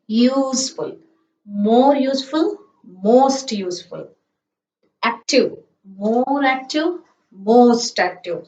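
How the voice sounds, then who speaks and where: A woman's voice: a little high, a little mellow. A woman teaching a grammar lesson, spelling out letters and drilling word forms. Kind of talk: slow classroom-style grammar lesson. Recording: echoey room, distant mic, dull sound, faint hiss.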